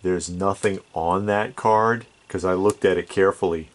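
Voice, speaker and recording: A man, co-hosting a casual chat about toy collecting, explaining things in a measured, deliberate way. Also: sits low, steady tone.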